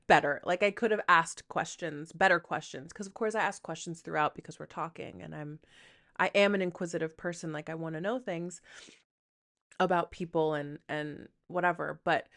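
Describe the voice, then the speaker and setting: Frank, rambling woman podcaster, low voice. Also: fairly even intonation, moderate pace, fairly bright tone. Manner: rambling, self-deprecating, frank with swearing; quotes her own inner thoughts aloud. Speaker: podcast host. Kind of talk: candid solo podcast monologue.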